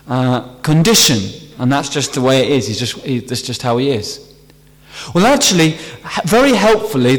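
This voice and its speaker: A man preaching a sermon earnestly, stressing key phrases as he explains a psalm. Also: fairly high pitch. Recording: long hall reverb.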